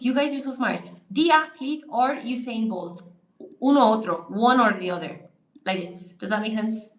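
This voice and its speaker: A woman's voice: fairly high pitch, reverberant. An Irish woman teaching English on a live stream, chatting through viewer comments aloud and answering them. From Ireland.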